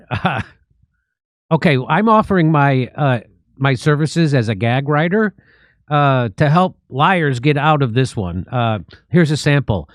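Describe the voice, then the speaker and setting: A man's voice: mid-range voice, lively intonation, a little slow, dry recording. A man hosting a comedy show, delivering sarcastic, joking satirical commentary.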